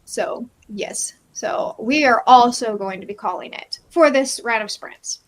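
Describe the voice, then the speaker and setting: High-pitched chatty woman. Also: unhurried. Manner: chatty, enthusiastic, laughs often, many fillers. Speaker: co-host of a live reading sprint stream. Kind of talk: casual chat.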